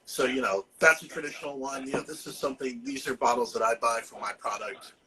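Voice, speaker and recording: A man's voice: mid-range voice, steady tone, fast, sharp tone, rough recording. A man from Massachusetts, talking casually and jokingly as a herbalist guest, filling his speech with "you know". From Massachusetts, USA. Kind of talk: casual podcast chat.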